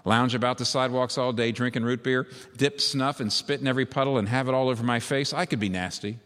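A preacher putting on a huffy, self-righteous older churchwoman, her complaints ringing out with a long echo. She sounds indignant and exclamatory, full of her own goodness. The voice sits a little higher than a man's usual speaking voice. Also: steady tone, fast, fairly bright tone, close to an everyday voice. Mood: furious. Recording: long hall reverb.

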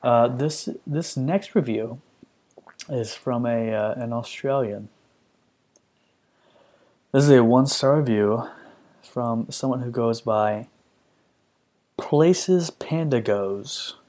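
A man's voice: medium pitch, slow pace, pauses often, a little mellow. A man in his thirties hosting a podcast, reacting to reviews in a profane, sarcastic, ranting way. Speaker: podcast host. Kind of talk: comedic ranting commentary.

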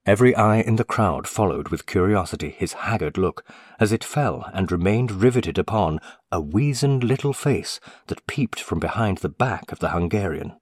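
A man narrating a story in a steady, measured audiobook reading. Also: deep voice, slightly rough, no echo, clean studio sound. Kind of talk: scripted narration.

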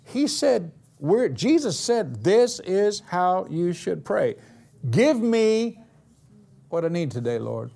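A man preaching a sermon, slowing down for dramatic, emphatic declarations and then rushing through asides. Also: high voice, very animated, gravelly, warm tone. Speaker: pastor.

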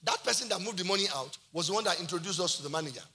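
A Nigerian man preaching a sermon as pastor, animated, dropping into Yoruba phrases and shouting for emphasis. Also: high-pitched, rapid-fire.

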